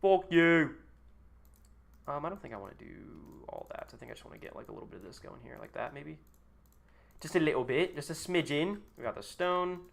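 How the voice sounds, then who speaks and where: With a slightly high, expressive, creaky voice and a quick pace, a man streams a game live against slight background noise. His commentary is casual: lots of swearing, jokes and banter with his chat, self-mockery and muttering during builds.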